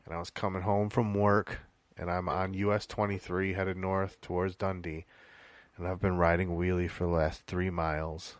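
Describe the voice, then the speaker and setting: A man's voice: low voice, level tone, normal speed, no echo. A man co-hosting a casual podcast, telling stories in a laid-back way and swearing often. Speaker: podcast co-host.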